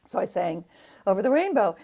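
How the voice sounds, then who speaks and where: Animated woman telling stories. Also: medium pitch, a little fast. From United States. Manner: animated storyteller, acts out voices in anecdotes. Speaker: guest, opera singer. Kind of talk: casual interview chat.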